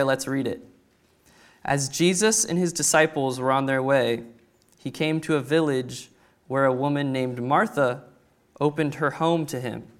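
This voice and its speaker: Guy preaching a sermon, kinda high smooth voice, gets loud acting out the story bits. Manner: animated preaching, acting out the people of the story with sudden loud bursts. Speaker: pastor.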